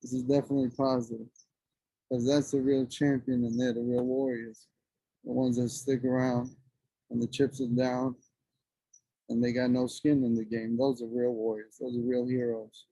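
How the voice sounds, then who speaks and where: Gravelly dark-voiced guy in his 40s, passionate and cussing, outside, dry sound. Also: mid-range voice, flat delivery, normal speed, dry recording, low-quality recording. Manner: passionate, blunt and profane. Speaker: guest. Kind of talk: emotional casual conversation. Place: outdoors among trees and birds.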